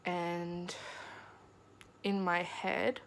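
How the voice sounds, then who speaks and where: Young woman with a creaky voice. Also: on the low side, level tone, slight background noise. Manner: halting, emotional storytelling with pauses. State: close to tears. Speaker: vlogger. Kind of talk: personal diary vlog.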